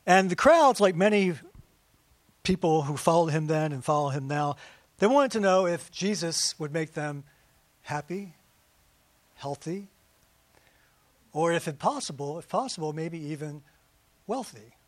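A man with a high-pitched voice preaches a relaxed, conversational sermon. He keeps throwing rhetorical questions and quick asides at his congregation. The sound is close and dry, with almost no room around it. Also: no echo. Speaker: pastor.

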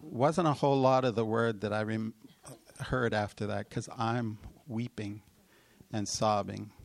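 A middle-aged man, a pastor, telling a personal story in a sermon, with loud emotional peaks and quick asides. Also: on the low side, steady tone, gravelly, no echo. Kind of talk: sermon testimony.

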